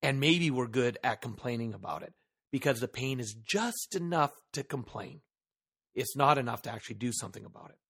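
A man's voice: medium pitch, expressive, brisk, a bit bright, slightly rough. A man hosting a solo motivational podcast who talks earnestly into a microphone, leans hard on key words and asks the listener rhetorical questions. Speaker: podcast host.

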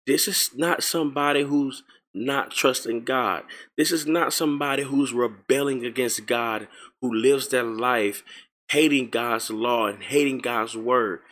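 A man leading an informal Bible study, emphatic and repetitive, slowing down to read verses aloud. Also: mid-range voice, fairly bright tone. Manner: emphatic, repeats phrases, reads verses slowly. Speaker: Bible teacher.

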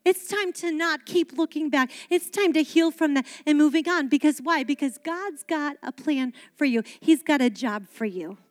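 A woman pastor preaching a sermon on stage, animated and dramatic, acting out quotes. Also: high-pitched, moderate pace, few pauses. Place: church stage.

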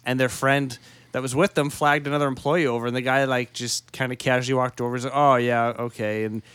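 A young man with a middle-pitched voice tells a story to friends in a plain, matter-of-fact way, adding dry asides. The mic sound is close and dry. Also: level tone, fast talker, fairly bright tone, clean tone, dry recording. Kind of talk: casual chat among friends.

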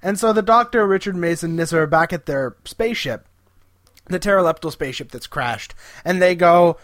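A podcast co-host casually recapping an episode, animatedly retelling scenes and quoting characters in quick voices. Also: medium pitch, dry recording, studio quality.

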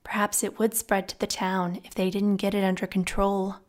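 A woman reading a fantasy novel aloud as scripted narration, in a subdued, measured voice. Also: medium pitch, little pitch movement. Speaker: audiobook narrator.

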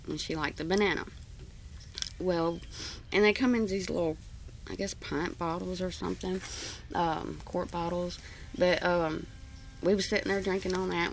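A woman's voice: lowish voice, creaky, slight background noise. A woman telling a story from her past in a rambling, folksy way, with many fillers. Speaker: interviewee. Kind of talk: casual storytelling.

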